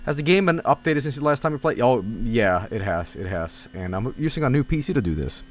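A man streams a game, chatting casually and swearing as he rambles through tasks and stories in rambling, profane gameplay commentary. His medium-pitched voice is expressive and a little fast, and he startles easily. There's slight background noise.

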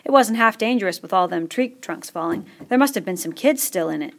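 A woman's voice: mid-range voice, animated, fairly quick, creaky, a bit bright. A woman voicing an anxious, plump boy with asthma, asking eager, worried questions.

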